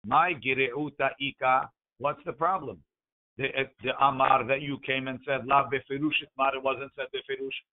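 Man teaching Talmud on a tinny line. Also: medium pitch. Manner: reads Aramaic text aloud then explains it in English; talks through the text with frequent "right?" checks. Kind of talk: Talmud class reading and explaining. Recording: tinny phone-like recording.

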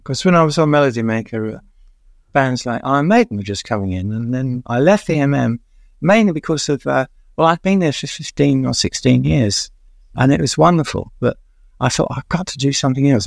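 Older male guest, gravelly voice, dry close sound, rambling anecdotal storyteller with many pauses. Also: mid-range voice, dry recording. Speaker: veteran music journalist, guest.

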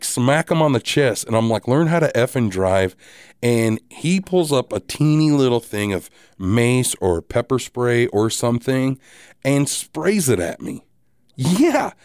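A man hosting a podcast, telling a story in a casual, animated, profane and wry way. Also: medium pitch, no echo, clean studio sound. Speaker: podcast host.

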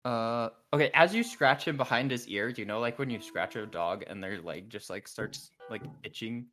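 A man narrating a tabletop game as dungeon master, relaxed and laughing as he describes scenes. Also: medium pitch, normal speed, faint music behind.

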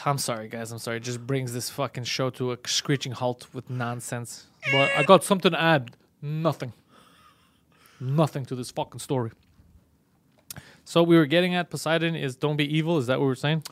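A man's voice: mid-range voice, normal speed, a bit bright. A man hosting a comedy podcast, teasing and swearing his way through casual chat on a studio mic. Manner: crude, teasing, heavy swearing. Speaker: podcast host.

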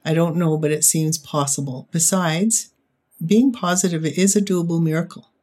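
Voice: medium pitch, fairly even intonation, normal speed, a little mellow. An upbeat, encouraging podcast host giving parents tips in a monologue.

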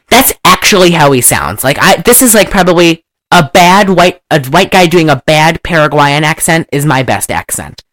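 Casting note: chatty woman host, lively swooping pitch, dry close sound, rambling recap with mock accents. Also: normal speed, few pauses, no echo. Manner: rambling and animated, breaks into loud laughter and mock accents. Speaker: podcast host recapping a film. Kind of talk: casual chat.

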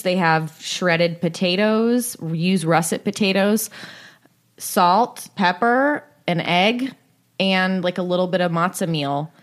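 A woman co-hosting a podcast in casual chat, blunt and emphatic, swearing freely. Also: medium pitch. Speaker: podcast co-host.

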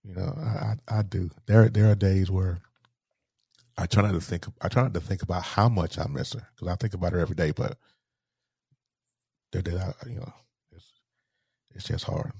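A man telling a personal story in an interview, halting and repeating words as he speaks with grief. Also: sits low, vocal fry, darkish tone, breathy edge, no echo, studio quality. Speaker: guest.

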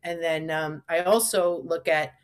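A woman's voice: deep voice, fairly even intonation, measured pace. A woman in a casual conversation, sharing self-care advice in a chatty, encouraging way with lots of "like" fillers.

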